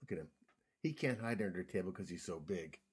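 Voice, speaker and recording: A man reading a picture book aloud to young children, gentle and expressive, sometimes dropping to a whisper. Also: low-pitched, fast talker, breathy edge.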